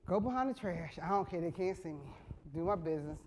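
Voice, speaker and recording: Middle-aged woman talk show host, blunt comic storyteller, earthy, loud when excited. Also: on the low side, quick pace, slight background noise. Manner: frank, earthy, builds to loud excited bursts.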